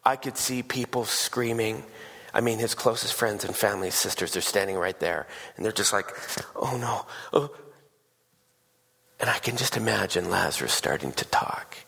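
Male pastor, low gravelly voice, casual storytelling sermon, long hall echo. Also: brisk. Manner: casual storytelling, animated voices for quoted people.

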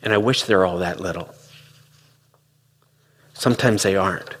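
A middle-aged man talks reflectively to listeners, slipping into quoted dialogue as he tells stories. His voice sits fairly low and has a husky grain. The sound carries a long hall reverb. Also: normal speed. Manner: conversational, storytelling with quoted dialogue. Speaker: speaker on relationships. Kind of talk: reflective talk.

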